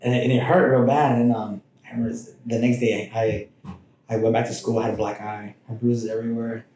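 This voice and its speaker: A man's voice: medium pitch, level tone, fast, mellow, slight background noise. A man recounting his past as a podcast guest, talking casually with frequent restarts and side remarks. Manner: rambling, with frequent restarts and asides. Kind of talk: casual personal storytelling. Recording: roomy echoing room.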